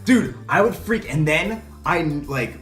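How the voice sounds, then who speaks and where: A man in casual chat as co-host, posing lively what-if scenarios. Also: on the high side, measured pace, echoey room, faint music behind.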